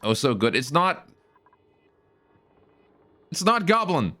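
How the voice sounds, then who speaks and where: A man's voice: on the high side, big pitch swings, takes it slowly, sharp tone. A man streaming a game live, joking with his chat while he plays. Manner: joking, chats with viewers while playing.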